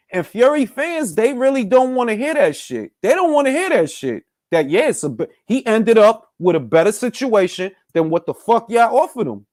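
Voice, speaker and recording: A high-voiced man ranting about boxing, swinging his pitch up and down as he gets fired up. He talks casually and swears a lot, calling out the fans as "y'all." The sound is dry and close. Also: no room sound. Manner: animated, profane, heated, addresses fans as y'all. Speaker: boxing talk show host. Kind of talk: casual opinion rant.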